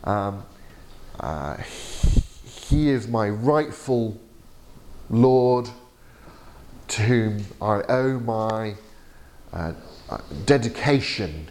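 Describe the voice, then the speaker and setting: A man lecturing to a class in a halting, chatty way, with many fillers and restarts. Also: lowish voice, lively intonation, a little mellow. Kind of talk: teaching session. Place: lecture room.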